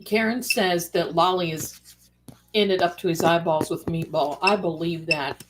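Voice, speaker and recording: A woman hosting a casual livestream, chatting excitedly as she eats and comments. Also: lowish voice, moderate pace, background noise. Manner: excited, chatty, talks with mouth full. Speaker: livestream host. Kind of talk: casual live commentary while eating. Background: dish and cutlery clatter.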